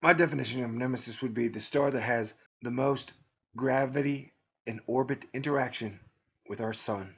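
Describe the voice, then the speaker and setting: A man talks in a loose, sarcastic monologue for his own video channel, rambling and laughing at his own jokes. His voice is gravelly and a little husky at a middling pitch. The recording sounds dull and lo-fi. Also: normal speed. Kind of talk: casual joking monologue.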